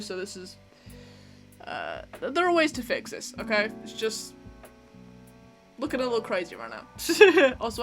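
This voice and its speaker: A woman's voice: mid-range voice, a bit bright. A young woman hosting a vlog, chatting in an opinionated way and laughing often while she does her makeup. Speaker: vlog host. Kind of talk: casual chat while doing makeup.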